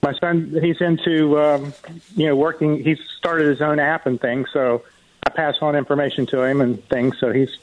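A man calling in to a radio show, talking casually and haltingly. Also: fairly high pitch, flat delivery, muffled recording, a little hiss or hum. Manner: hesitant, halting with fillers. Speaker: caller. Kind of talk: casual call-in chat.

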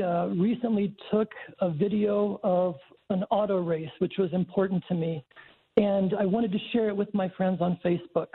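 A man from New Mexico calling a tech radio show, speaking slowly and politely. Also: sits high, vocal fry, breathy edge. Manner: slow, careful, polite. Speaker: caller. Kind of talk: call-in radio chat. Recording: tinny phone line.

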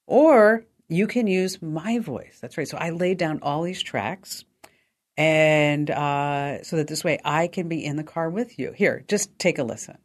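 An upbeat woman hosts a call-in tech radio show. She moves from chatty tips into a breezy sponsor read, talking quickly and lightly. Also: sits low.

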